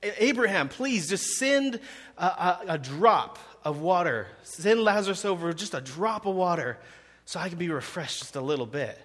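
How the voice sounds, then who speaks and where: A man voicing a rich man in hell who pleads haltingly for a drop of water, in a reverberant hall. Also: high voice, lively intonation, fairly bright tone, pitched above the performer's own voice. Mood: begging.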